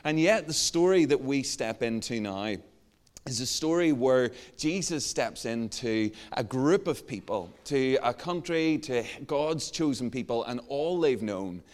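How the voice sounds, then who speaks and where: Irish preacher telling a story in a reverberant hall. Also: male voice, medium pitch, a little slow. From Ireland. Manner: lively, self-mocking storytelling. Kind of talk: storytelling sermon.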